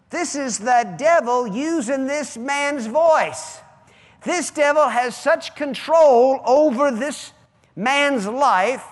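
Sex: man. Role: pastor. Style: fiery sermon. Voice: very high for a man. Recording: long church-hall reverb. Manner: preaching with sudden loud, high outbursts and quieter asides. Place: church sanctuary.

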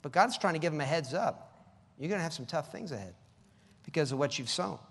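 A man preaching a lively sermon. His voice sits high and jumps widely in pitch. It rings out in a hall with a long echo. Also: gravelly, slightly rough. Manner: animated, reads scripture slowly, mocks with high voices.

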